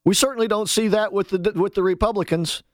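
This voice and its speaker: A man with a high-pitched voice runs a political talk radio monologue, heated and mocking by turns. He pushes his listeners to pick up the phone. The sound is dry and close, with no room around it. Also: fairly even intonation, fast, dry recording. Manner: fired-up, sarcastic, calls on listeners to act.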